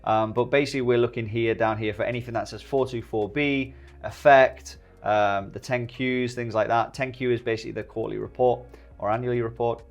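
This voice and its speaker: A man's voice: medium pitch, steady tone, brisk. A man giving a casual, jokey trading tutorial, speaking directly to his viewers as he goes over a chart. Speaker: stock trading YouTuber.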